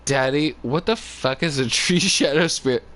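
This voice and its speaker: A woman's voice: sits low, moderate pace, a bit bright. A man mimicking a bossy little girl. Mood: cheeky. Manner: bossy, cheeky.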